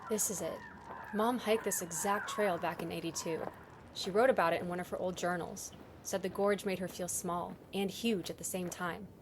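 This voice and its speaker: A woman's voice: fairly low pitch, steady tone, moderate pace, close to an everyday voice. An actor playing a determined young woman on a road trip, speaking earnestly and resolutely. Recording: background hiss.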